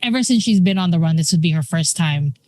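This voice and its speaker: A woman player describing her character's actions hesitantly, with many pauses. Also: on the low side, expressive, a little mellow, dry recording, soft background music. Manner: hesitant, lots of fillers.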